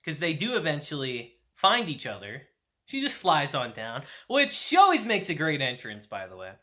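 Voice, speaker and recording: A man's voice: on the high side, wildly swooping pitch, normal speed, pushed and bright. A young man casually recapping and reviewing an anime episode, chatty and laughing often.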